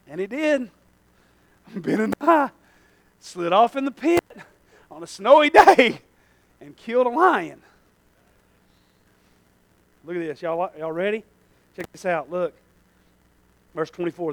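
A man preaching a sermon in a church, swinging from quiet asides to shouted exhortation. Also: high-pitched, animated, slow, creaky, long pauses.

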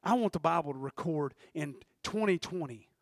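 A man preaching a sermon, fervent and storytelling, swinging from shouted bursts to hushed passages. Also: fairly high pitch, animated, moderate pace, no echo, studio quality.

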